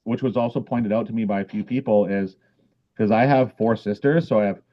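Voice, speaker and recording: Low-voiced man rambling with fillers. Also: brisk, muffled recording. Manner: rambling, many fillers and restarts. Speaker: podcast guest, author. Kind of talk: casual interview chat.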